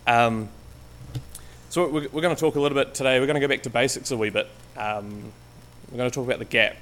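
This man talks quickly in a medium-pitched, fairly bright voice with fairly even intonation. He's a guest lay preacher from Canterbury, New Zealand, delivering an informal church talk full of hesitations, ums and restarts. He uses a stage mic and now and then walks off from it.

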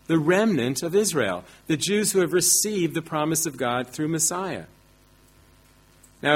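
A man's voice: on the high side, slightly rough. A man preaching a sermon, teaching emphatically with rhetorical questions and self-deprecating asides.

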